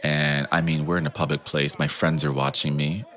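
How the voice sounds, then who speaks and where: A podcast guest in the Netherlands with a very deep voice tells a casual story at a moderate pace. He's animated, acting out the voices of the people in it.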